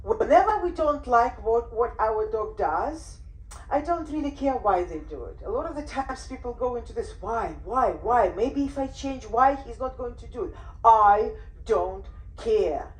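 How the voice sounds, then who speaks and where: Woman dog trainer, fairly high voice, roomy echo, animated. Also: unhurried. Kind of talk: workshop talk. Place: room on a cruise ship.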